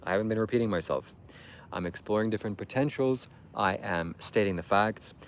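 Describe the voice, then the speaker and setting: Low-voiced man lecturing on a livestream. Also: a little fast, slight background noise. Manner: preachy, insistent, repetitive lecturing. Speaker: livestream host. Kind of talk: livestream monologue addressing chat.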